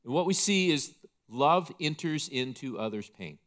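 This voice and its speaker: A man's voice: on the high side, expressive, moderate pace, fairly bright tone. A male pastor delivering an impassioned, emphatic sermon in church.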